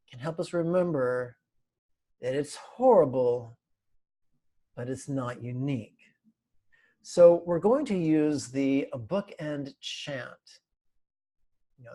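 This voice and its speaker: A man teaching an online meditation class, speaking slowly and deliberately, with a playful manner and frequent laughs. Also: on the high side, warm tone. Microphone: video call.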